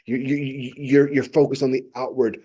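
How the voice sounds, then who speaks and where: A man's voice: mid-range voice, level tone, normal speed, dark tone, breathy edge, dull audio. A male pastor gives an earnest, impassioned devotional reflection on scripture and often repeats phrases for emphasis.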